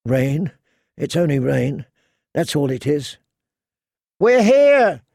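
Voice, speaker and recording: A man voicing a desperate, fierce young girl, high and pleading as she flees a battle. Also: steady tone, slow, creaky, warm tone, breathy edge, no room sound, clean studio sound, exaggerated voice.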